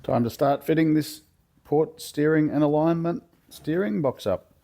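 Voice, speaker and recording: A man with a cold and a hoarse voice, talking through a car chassis rebuild step by step in a relaxed, plain-spoken way from his home garage. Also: a little high, measured pace. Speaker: workshop builder demonstrating a chassis rebuild. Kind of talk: casual step-by-step how-to explanation.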